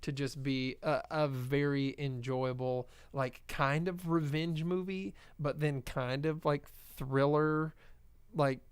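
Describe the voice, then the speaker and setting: Laid-back man with a smooth voice. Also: a little high, steady tone, slow, no room sound. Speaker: podcast co-host. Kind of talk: casual movie review chat.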